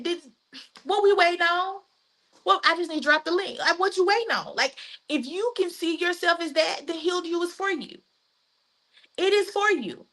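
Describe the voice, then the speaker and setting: Southern woman, life coach on a live stream, bright high voice, emphatic and folksy. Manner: emphatic, repetitive, folksy phrasing.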